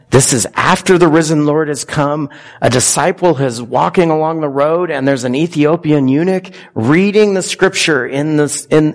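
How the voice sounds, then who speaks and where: A man preaching a conversational sermon in a church, often asking his congregation questions. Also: fairly high pitch. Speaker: pastor.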